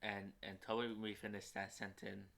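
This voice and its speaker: A man's voice: lowish voice, level tone, moderate pace, creaky, fairly bright tone. A man co-hosting a casual movie review, chiming in with short replies and additions. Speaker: co-host of a movie review show.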